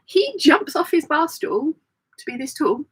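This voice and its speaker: A woman's voice: high voice, very animated, measured pace, fairly bright tone, low-quality recording. A middle-aged woman hosting a casual live-stream chat, telling funny stories and laughing often. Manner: chatty storytelling, laughs often. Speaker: host.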